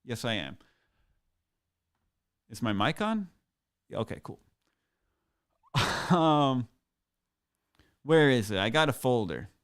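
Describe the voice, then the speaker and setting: A man's voice: medium pitch, sing-song, takes it slowly, long pauses, smooth. A man hosting a comedic podcast solo, rambling in a boastful, sarcastic, mock-grandiose way. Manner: self-aggrandizing, sarcastic, rambling. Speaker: podcast host.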